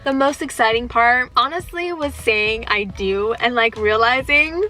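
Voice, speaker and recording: Bright, high-voiced young woman vlogging. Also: expressive, a little slow, few pauses, faint music behind. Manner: playful, joking, chatty. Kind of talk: casual Q&A vlog.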